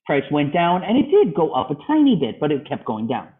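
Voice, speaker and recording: A man's voice: on the high side, wildly swooping pitch, a little fast. A man teaching a trading club, walking through charts and asking a student questions over a video call. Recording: phone-like video call audio.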